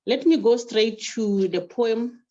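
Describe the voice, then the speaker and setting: A woman's voice: fairly high pitch, takes it slowly, mellow, muffled recording. A woman chairperson at a library event, emotional, reciting a poem in rhythmic repeated phrases. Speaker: branch chairperson.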